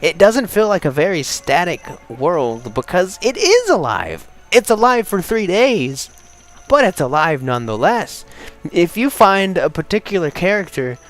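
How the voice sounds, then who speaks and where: Young man, game commentary, chatty, rambling, swooping voice, soft game music behind. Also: on the high side. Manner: excitable, chatty, rambling with restarts. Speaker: let's play host. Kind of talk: casual gameplay commentary.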